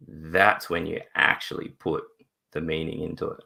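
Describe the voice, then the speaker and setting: Male guest: low, raspy, bright-edged voice; laughing, animated storyteller on a video call. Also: normal speed. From Australia. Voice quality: deep gravelly voice. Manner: laughs often, acts out voices in his stories. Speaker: interview guest, father. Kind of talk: casual storytelling in a live video interview.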